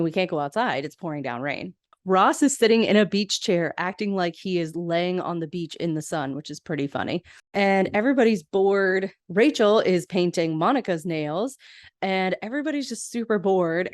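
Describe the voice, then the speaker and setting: A woman podcast host, casually recapping a TV episode and bouncing into a higher voice to quote lines. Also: no room sound, studio quality. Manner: chatty, laughs often, quotes lines in a higher voice.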